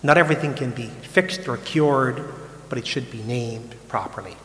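A man's voice: mid-range voice, normal speed, a bit bright. An older man, a Catholic priest, preaching in a casual, frank way that often repeats and restarts words. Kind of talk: conversational sermon. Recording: echoey hall with long reverb.

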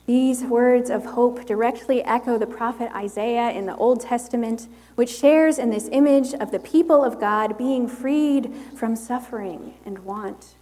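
Woman preacher, higher voice, very unhurried sermon delivery, long hall reverb. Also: fairly even intonation, warm tone. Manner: slow, measured and reflective.

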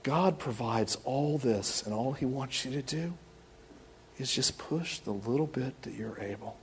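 Here the middle-aged pastor's voice is medium in pitch and a little slow, with a faint hiss or hum in the background. His sermon is full of lively stories in which he performs the voices of the people involved.

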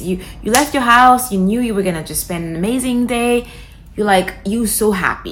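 A young woman hosts a self-help podcast in a loose, chatty monologue. She keeps filling her talk with fillers and asides. Her quoted inner voices jump far up or down in pitch. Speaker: podcast host.

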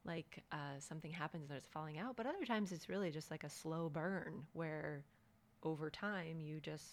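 A woman's voice: sits low, moderate pace. A woman co-hosting a podcast, talking reflectively in casual chat and laughing often. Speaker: podcast co-host.

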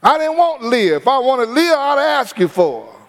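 A man voicing a young husband who learns he was tricked into the wrong marriage, protesting loudly. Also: very high voice, very animated, moderate pace, gravelly, long reverb tail, voice pushed up, heavily acted. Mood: indignant. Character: young man duped on his wedding night, indignant.

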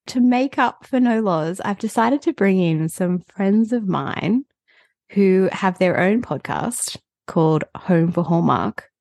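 A woman's voice: mid-range voice, gravelly, a little mellow, no echo, clean studio sound. A woman hosting a podcast, chatty and giggling often between points. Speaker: podcast host. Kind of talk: casual podcast chat.

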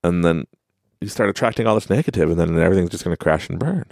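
A man's voice: low-pitched, lively intonation, quick pace, creaky, darkish tone, no echo, studio quality. A man hosting a podcast, talking casually about self-help and laughing at his own rambling stories. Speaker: podcast host.

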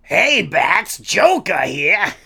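A man's voice: sits high, big pitch swings, drawn-out words, gravelly, pushed and bright, pitched above the performer's own voice, exaggerated voice. Man doing an amateur Joker bit: menacing clown villain, drawn out, pushing volume. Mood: taunting. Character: menacing male comic book villain clown, taunting.

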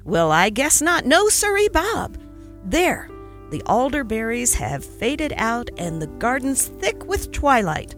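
A woman's voice: a little high, big pitch swings, slow, a bit bright, soft background music, exaggerated voice. A woman voicing a kindly, fussy older male country doctor in a storybook reading, grumbling with good humor. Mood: grumbling, jovial. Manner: grumbling good-humored, old-fashioned phrasing.

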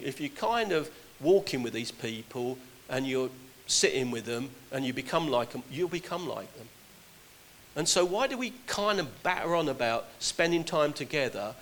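A man's voice: medium pitch, a bit bright, rough recording. A man preaching a sermon, earnest and exhorting, his voice rising and dropping for emphasis.

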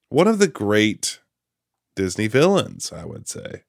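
Animated man retelling a film. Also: lowish voice, measured pace, gravelly, no room sound, studio quality. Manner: animated retelling with quoted character voices. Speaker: podcast host recapping a film. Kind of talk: casual podcast chat.

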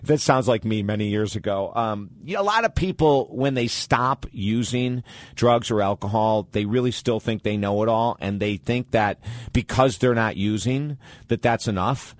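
A man hosting an advice talk show, answering listener questions in a blunt, animated and candid way. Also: lowish voice, normal speed, no room sound, studio quality.

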